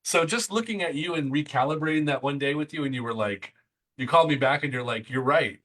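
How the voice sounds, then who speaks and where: A middle-aged man hosting an interview, talking in excited bursts in a motivational chat. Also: on the high side, rough recording. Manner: excitable, talks fast in bursts. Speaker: interview host.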